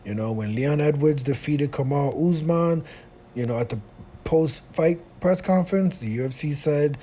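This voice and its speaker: A man's voice: on the high side, moderate pace, warm tone, a little hiss or hum. Rambling man giving casual commentary. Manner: rambling, many fillers and restarts. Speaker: YouTube commentator.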